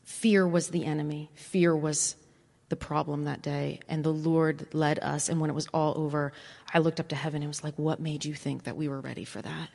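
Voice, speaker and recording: A woman's voice: low-pitched, steady tone, moderate pace, vocal fry, hardly any pauses, a little mellow. A female pastor sharing a personal testimony in an earnest, solemn way during a sermon. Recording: church hall reverb.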